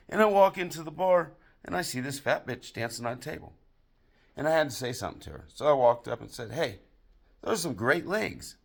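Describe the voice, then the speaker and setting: A man doing crude stand-up comedy, telling a long joke story with acted-out dialogue in a deadpan way. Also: medium pitch, creaky. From United States.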